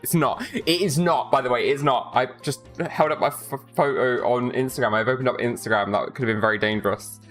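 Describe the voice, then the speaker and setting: A woman's voice: rumbling low, brisk, hardly any pauses, soft background music. Chatty, profane woman streamer. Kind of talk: casual live-stream chat.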